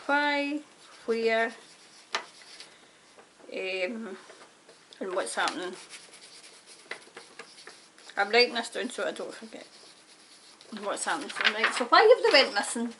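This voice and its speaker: Brief: woman tarot reader, high bright pitch, emphatic and fired-up, ranting monologue. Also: lively intonation, takes it slowly, pauses often, noisy background. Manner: emphatic, indignant, prone to ranting. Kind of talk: tarot reading monologue to camera.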